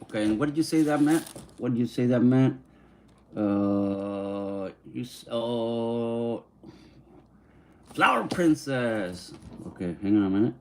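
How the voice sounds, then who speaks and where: An easygoing man hosts a relaxed livestream, reading viewer comments aloud and slipping between English and Spanish. He slowly sounds out unfamiliar names. His pitch sits in a middle range, and faint noise hums behind him. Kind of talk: casual live-stream chat, reading viewer comments.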